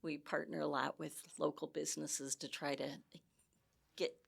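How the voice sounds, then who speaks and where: A woman's voice: low voice, flat delivery, moderate pace, creaky, breathy edge. A woman from Michigan, a guest in a casual interview, explaining things in a chatty, friendly way with restarts. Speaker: community education guest.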